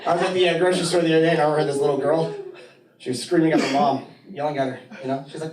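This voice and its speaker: A man doing stand-up comedy in a small theater, telling stories and acting out loud characters. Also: fairly high pitch, quick pace. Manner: animated, acts out loud characters. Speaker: stand-up comic. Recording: echoey room, mic from far, loud crowd.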